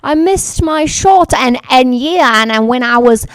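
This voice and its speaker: Dopey male ball player, as a woman puts him on, slow silly high drawl, close dry mic. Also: animated, smooth, dry recording. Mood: goofy. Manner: slow drawn-out goofy high voice. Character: mock male pro basketball player, dopey and rambling.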